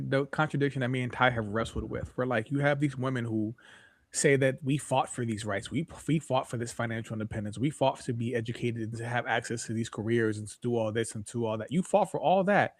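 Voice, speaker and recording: A man's voice: medium pitch, brisk, dry recording, studio quality. A man co-hosting a podcast in casual chat, talking emphatically and asking repeated rhetorical questions. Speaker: podcast co-host.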